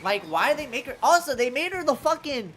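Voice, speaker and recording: A woman's voice: high-pitched, brisk, a little hiss or hum. A young woman streaming a game live, ranting casually and profanely about characters and saying "bro" a lot. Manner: ranting, profane, animated, says "bro" often. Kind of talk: casual live-stream commentary while gaming.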